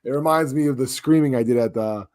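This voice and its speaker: An animated man tells a story in casual podcast chat, with a mid-pitched voice. He acts out quotes from other people and stumbles into restarts as he goes. He talks like he's catching up with a friend. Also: fast talker. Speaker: podcast co-host.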